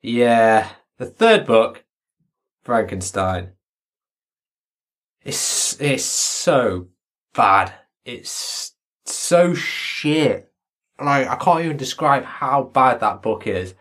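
A man's voice: medium pitch, expressive, very slow, pauses often, fairly bright tone. A man in casual podcast chat, mocking a book with sweary sarcasm.

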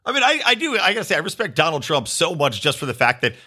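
Animated, sarcastic male podcast host. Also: fairly high pitch, quick pace, slightly rough. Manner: sarcastic, ranting, swears freely. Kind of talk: political commentary monologue.

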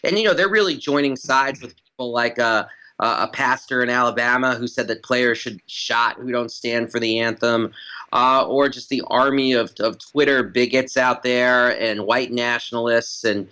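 Guy on an interview breaking down an argument, bright forceful voice, keeps hammering his points. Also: medium pitch, steady tone, moderate pace, clear, resonant tone, poor audio. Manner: emphatic, repeats phrases for stress. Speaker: guest commentator. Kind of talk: analytical interview talk.

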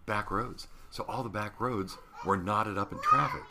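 A man's voice: fairly low pitch, normal speed, very noisy. A man in his sixties, a longtime radio host, telling stories in an interview with lots of laughter. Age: 60s. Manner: animated storyteller, laughs through stories. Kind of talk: storytelling interview.

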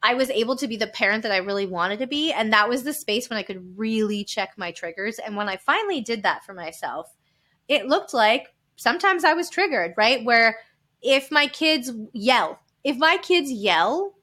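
A woman in her thirties, a podcast guest, speaking frankly and with animation and quick laughs. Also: a little high, lively intonation, sharp tone. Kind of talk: candid conversational storytelling.

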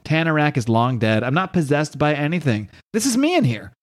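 A man's voice: fairly high pitch, very animated, a little fast. A man reading the lines of a defensive male monster hero in a nearly plain voice. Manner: read aloud in plain voice.

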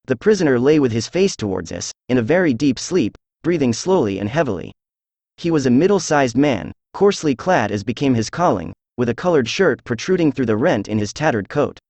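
A synthesized male voice, mid-range and without echo, narrates a classic detective story as an audiobook. The scripted reading stays even and measured, with little change between characters.

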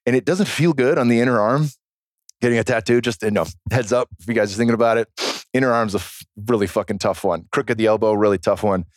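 A man guest on a podcast, telling stories in a casual, animated, profane way. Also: mid-range voice, quick pace, dry recording, studio quality. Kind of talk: casual storytelling chat.

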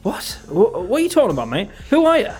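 Incredulous man with a lively voice. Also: high voice, fast, soft background music. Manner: incredulous, repeated questions. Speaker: podcast host. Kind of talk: comedy sketch.

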